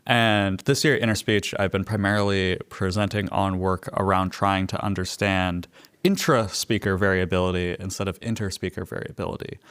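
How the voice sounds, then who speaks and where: A young man with a fairly low voice talks about his research, fluent and enthusiastic. He is a guest in a conversational interview. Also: fairly even intonation, normal speed, fairly bright tone, clean tone.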